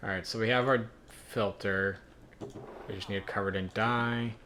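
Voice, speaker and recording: A man's voice: fairly low pitch, steady tone, normal speed, sharp tone, a little hiss or hum. A young man from Ireland narrating and commenting on his gameplay in a joking, self-deprecating way. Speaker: gaming video host.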